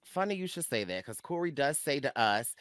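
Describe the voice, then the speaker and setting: Bright, animated male host. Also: mid-range voice, a little fast, dry recording, studio quality. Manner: animated, laughing, plays out quotes. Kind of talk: casual recap chat.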